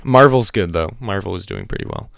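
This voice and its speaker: A man co-hosting a casual esports podcast, chatting quickly through teams and players. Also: deep voice, lively intonation, creaky, a bit bright, no room sound, clean studio sound. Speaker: podcast co-host.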